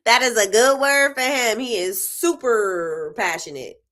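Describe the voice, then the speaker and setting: Animated, bright-voiced woman host. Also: fairly high pitch, unhurried. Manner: animated, laughs often, talks straight to viewers. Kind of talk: casual livestream chat.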